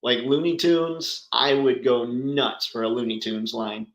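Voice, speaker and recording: A man's voice: medium pitch, fairly even intonation, a little slow, roomy sound, poor audio. A man hosting a casual livestream chat, talking enthusiastically and answering viewers by name. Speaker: livestream host.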